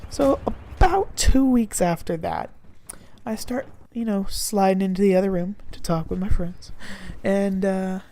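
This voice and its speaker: A woman's voice: mid-range voice, normal speed, a little hiss or hum. Rambling young woman telling a story. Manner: animated, rambling, crude. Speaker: storyteller vlogger. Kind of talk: casual storytime.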